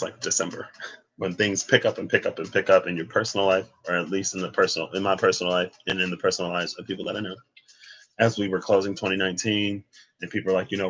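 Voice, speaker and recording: A man's voice: deep voice, sharp tone, poor audio. A man giving a casual, rambling tarot reading, thinking aloud with asides and bursts of laughter. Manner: laughs and exclaims between points. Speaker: tarot reader.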